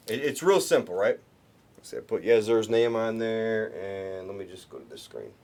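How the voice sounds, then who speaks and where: A man's voice: fairly low pitch, lively intonation, normal speed. A man hosting a live card break, chatting casually and rambling to viewers with many restarts. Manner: rambling, talks to chat viewers, restarts often. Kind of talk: casual livestream chat.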